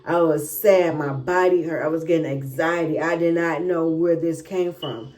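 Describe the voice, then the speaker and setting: A woman's voice: low-pitched, steady tone, moderate pace, darkish tone. A young woman telling a personal story in a casual, chatty way, often checking in with "right?" and "y'all". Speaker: vlogger.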